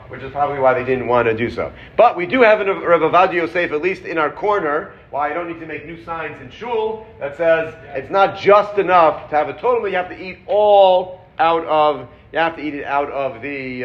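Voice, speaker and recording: A man teaching a Torah class, animated and quick, acting out the sources he quotes. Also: fairly high pitch. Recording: roomy, dull audio with faint background noise.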